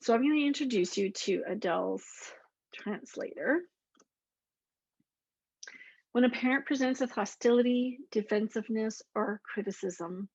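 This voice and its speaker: A woman's voice: fairly high pitch, vocal fry, no echo. Earnest woman on a dull, dry recording. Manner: earnest, deliberate, repeats key lists slowly. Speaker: clinician presenting to teachers. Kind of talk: explanatory talk to camera.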